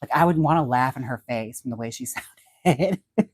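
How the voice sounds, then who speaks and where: A man's voice: medium pitch, fairly quick, slightly rough, no echo. A man hosting a casual livestream, chatty and giggly as he talks about wigs and reads out viewer comments. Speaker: livestream host and wig stylist.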